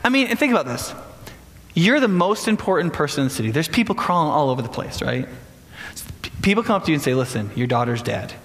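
A man delivers a sermon with a high, lively voice that jumps around in pitch. His tone has a gravelly edge, and he keeps throwing rhetorical questions at the listeners. The sound carries a long hall reverb. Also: fast. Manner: animated, conversational, frequent rhetorical "right?". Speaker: preacher.

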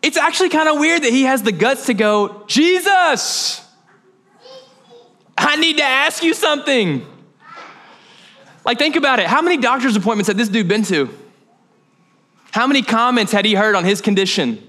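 A man's voice: very high voice, expressive, quick pace, pushed and bright. A young man preaching a sermon as pastor, conversational and joking, with off-the-cuff asides.

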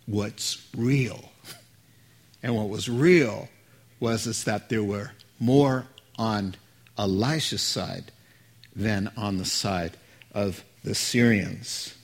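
A man preaching a sermon as a pastor, conversational and joking with the congregation. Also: mid-range voice.

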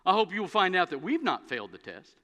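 A man preaching a sermon as pastor, telling stories with an animated, dry humor. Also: sits high, fast. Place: church sanctuary. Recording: long reverb of a church hall.

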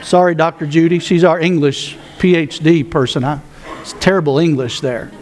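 A man's voice: on the high side, fairly even intonation, normal speed, darkish tone. A man pastor preaching a sermon, folksy with joking asides, reading scripture aloud.

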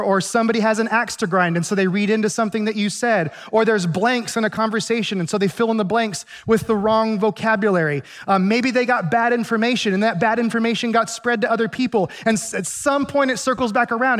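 A male pastor giving a sermon, retelling a Bible story in a conversational, animated way with acted asides. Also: high voice.

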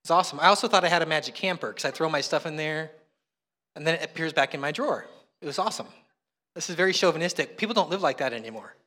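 A male pastor preaches in a chatty, self-mocking storytelling way. His voice sits high and sounds bright and forceful. The sound trails off in long reverb from a large hall. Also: animated, fast talker. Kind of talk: sermon.

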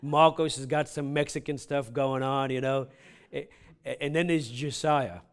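A man's voice: mid-range voice, fairly even intonation, moderate pace, clear, resonant tone. A man preaching a sermon in a conversational way, often checking in with "right?" and "huh?", building to emphatic peaks. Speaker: pastor.

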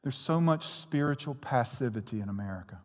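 Brief: male pastor, earnest emphatic preaching, average pitch, long echoing room sound. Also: expressive, brisk, a little mellow. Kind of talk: sermon. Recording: long echoing hall reverb.

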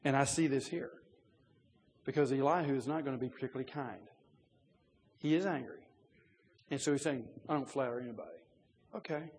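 Delivering a sermon in a large hall, a man teaches in a casual, conversational way, often using fillers and restarting sentences, with his voice climbing as he grows animated. His pitch is medium, his pace brisk, and he takes long pauses.

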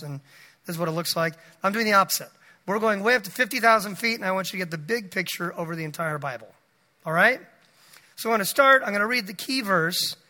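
A man preaching a sermon to a church congregation, animated and emphatic, slowing down to stress key words. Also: sits high. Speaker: pastor. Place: church sanctuary. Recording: long hall reverb.

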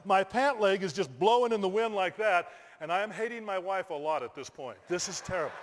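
A middle-aged man, a pastor, telling a lively personal story in a sermon, bursting into shouted exclamations. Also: sits high, brisk. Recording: long hall reverb.

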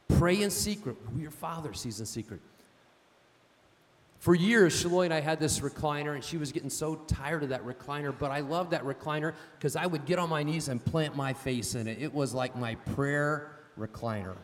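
A man with a fairly high voice preaches with emphatic storytelling, often asking "amen?". His voice trails off into a long reverb, as in a church sanctuary. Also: normal speed. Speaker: pastor. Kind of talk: sermon.

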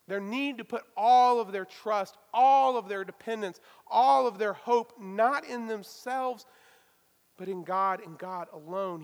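A man preaching a sermon, swinging between loud emphatic stresses and hushed asides. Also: high-pitched, long reverb tail. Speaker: pastor.

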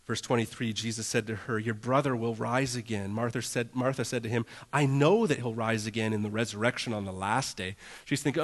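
A man's voice: mid-range voice, fairly quick, fairly bright tone. A man preaching a conversational sermon as a pastor, earnest and casual, often saying "like" and acting out prayers in a raised voice.

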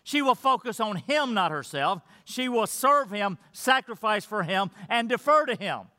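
A man's voice: high-pitched, expressive, measured pace, sharp tone. A man preaching a sermon to his church, reading scripture and stressing points through earnest repetition. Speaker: pastor. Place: church sanctuary. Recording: church hall reverb.

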